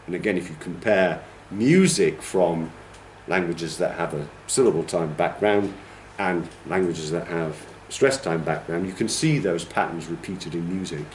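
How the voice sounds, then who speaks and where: Low-voiced man teaching in an echoey room. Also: a little slow, few pauses, a little hiss or hum. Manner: explanatory, checks in with "okay?"; demonstrates rhythms by humming and counting. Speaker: teacher trainer. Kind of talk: classroom lecture.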